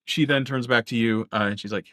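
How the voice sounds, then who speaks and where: A man narrates a live tabletop role-playing game as its dungeon master. He talks casually, with lots of filler words and swearing. His voice is bright, at a middle pitch, and the sound is dry. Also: steady tone, a little fast, dry recording. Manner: casual and profane, many fillers and laughs.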